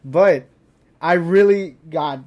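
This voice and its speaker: A teenage man in casual chat, complaining about school in an animated, quick-moving way. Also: fairly high pitch, lo-fi sound, a crowd in the background. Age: teens. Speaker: co-host.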